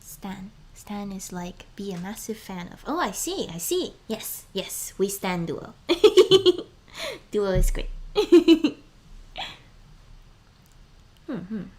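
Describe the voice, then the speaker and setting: A woman's voice: medium pitch, sing-song, a little mellow. Sex: woman. Role: streamer. Style: casual live chat, mumbles and whispers words under her breath, frequent laughter. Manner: sounds out words slowly, drops to murmurs and whispers; laughs often between phrases.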